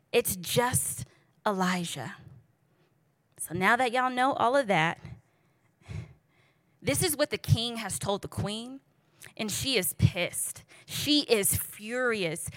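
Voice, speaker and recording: In a dry recording, a woman takes her preaching slowly, pausing often, her voice mid-range. Still, she stays lively and casual, telling stories, joking, and addressing the audience directly.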